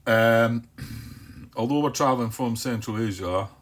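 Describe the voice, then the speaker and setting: A man playing a board game solo, thinking aloud in a hesitant way, repeating words, questioning himself and calming himself down by name. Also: medium pitch, a little slow. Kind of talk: thinking-aloud playthrough commentary.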